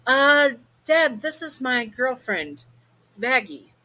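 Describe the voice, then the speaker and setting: A woman's voice: high voice, big pitch swings, slow, pushed and bright, pitched above the performer's own voice, heavily acted. Woman voicing an eager young princess.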